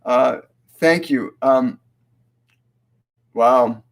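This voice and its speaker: Slow, halting male spiritual medium. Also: mid-range voice. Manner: halting, with many fillers and restarts; slow, measured delivery when relaying messages. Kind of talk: live-stream Q&A reading.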